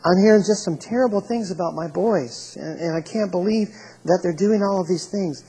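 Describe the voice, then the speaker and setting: A man's voice: sits high, normal speed, warm tone, slightly rough, long reverb tail, poor audio. A man voicing an aging priest who excuses his wayward sons in a hesitant, rambling way. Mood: excusing.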